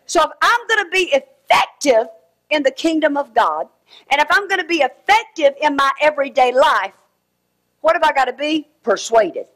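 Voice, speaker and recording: Woman preacher, high voice, fervent sermon with shouts and soft asides. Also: lively intonation, normal speed. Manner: fervent, swinging between shouted exhortation and quiet asides.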